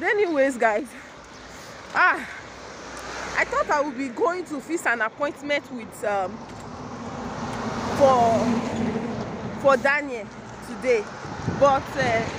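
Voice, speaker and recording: A woman's voice: sits high, background noise. A young woman with a Nigerian accent, vlogging to her phone while walking the streets, exclamatory and rambling with many restarts. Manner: exclamatory, rambling, retells annoyances with repeated restarts. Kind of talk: casual vlog chat to camera. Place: outdoors on city streets, walking with a stroller.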